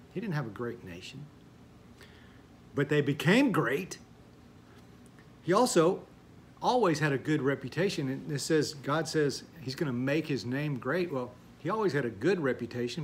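A man's voice: a little high, a little hiss or hum. A man preaching a sermon in a folksy, conversational way, with asides and stories. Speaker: pastor.

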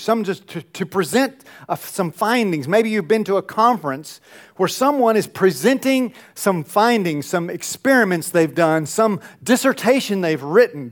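A man teaching a Bible lesson to a congregation in a conversational way, asking the room questions and often restarting his sentences. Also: high-pitched. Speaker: pastor teaching a Bible class.

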